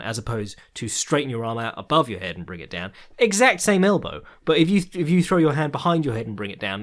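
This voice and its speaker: A man's voice: mid-range voice, a bit bright. Rambling man hosting a podcast. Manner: swears freely, rambling and laughing with lots of ums. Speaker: podcast host. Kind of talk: casual podcast commentary.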